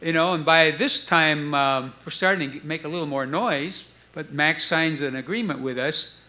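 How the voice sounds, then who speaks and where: A man in his seventies telling stories on a club stage, acting out the voices of others in his tale. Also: moderate pace. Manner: animated storyteller, acts out quoted voices with jumps in pitch. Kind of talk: storytelling chat before a live audience.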